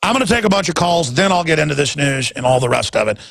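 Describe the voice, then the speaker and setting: A man hosting a talk radio show, ranting in a rambling way and jumping suddenly into loud, emphatic bursts. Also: on the high side, animated, fast talker, creaky.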